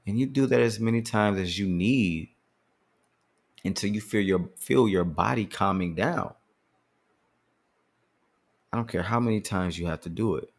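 A man's voice: fairly low pitch, a little slow, gravelly, long pauses. A man hosting a podcast, talking earnestly and casually about handling anger, often repeating words as he thinks. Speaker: podcast host. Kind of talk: casual motivational talk.

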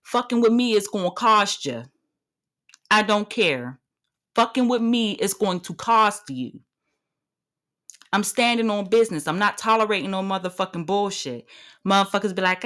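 A woman's voice: medium pitch, animated, moderate pace, pauses often, a bit bright. A woman in her thirties hosting a solo podcast, talking in a brash, profane, swaggering way. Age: 30s. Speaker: podcast host.

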